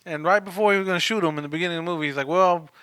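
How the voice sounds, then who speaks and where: Joking podcast co-host, fairly high voice. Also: male voice, very fast, pushed and bright, clean tone, dry recording. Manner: joking, teasing banter. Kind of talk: casual movie review chat.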